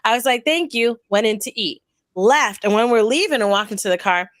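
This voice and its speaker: A woman and mother, the channel host, telling a funny story to friends in a casual, animated way. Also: medium pitch, a little fast, no echo. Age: adult with a young daughter. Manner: animated, plays out the people in her stories.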